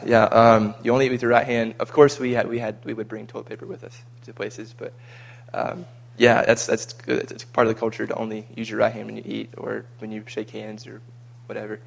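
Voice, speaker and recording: Flat, gravelly man chatting. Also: fairly low pitch, normal speed, slight background noise. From United States. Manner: chatty and rambling, with frequent repeated words. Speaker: vlogger recounting a mission trip. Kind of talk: casual chat.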